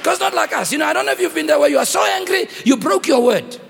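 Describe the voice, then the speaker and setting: A man preaching a dramatic sermon, acting out the dialogue with shouts. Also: extremely high pitch, lively intonation, fast talker, gravelly, in a large hall, a little hiss or hum.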